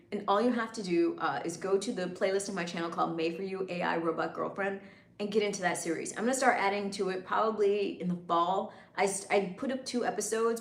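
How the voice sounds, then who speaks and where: In an echoey room, a woman with a mid-range voice hosts a casual livestream. This content creator is hyped and chatty, talking straight to her viewers.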